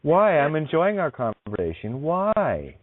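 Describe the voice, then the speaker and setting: A man's voice: on the high side, huge pitch swings, unhurried, no room sound. Effusive man hosting over a tinny line. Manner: effusive, calls guest honey, rambling. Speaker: radio show host. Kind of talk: spiritual talk radio chat. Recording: dry tinny phone-like line.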